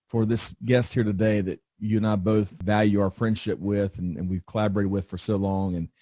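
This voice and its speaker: A man hosts an interview podcast, his fairly low voice mellow and warm in tone. He sounds eager and upbeat, often doubling words as he talks, and the sound is dry and close. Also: no echo. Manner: upbeat, enthusiastic, with frequent repeated words. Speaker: podcast host.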